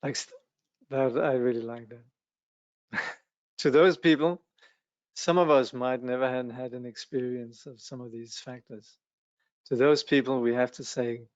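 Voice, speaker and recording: Relaxed man reading and teaching a text. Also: mid-range voice, a little slow, long pauses, no room sound, highs cut off. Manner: relaxed, hesitant, with restarts and small laughs. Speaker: Buddhist studies teacher. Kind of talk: lecture, reading and commenting on a text.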